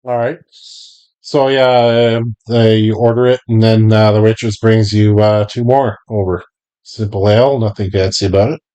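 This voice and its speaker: A man narrating as game master for a tabletop game, unhurried, with many fillers. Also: fairly low pitch, fairly even intonation, warm tone, smooth, highs cut off.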